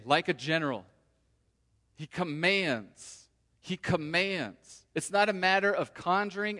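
A man's voice: on the high side, sharp tone. Earnest preaching man in a reverberant hall. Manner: earnest, preacherly, voices inner prayers aloud. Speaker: pastor. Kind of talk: sermon. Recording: long reverb of a large hall.

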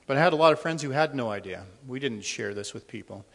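In a church hall, a middle-aged man tells his congregation a personal testimony in an animated, quick, creaky voice of medium pitch with a fairly bright tone. He sounds conversational yet slightly nervous, with many ums and false starts. The recording carries a long hall reverb.

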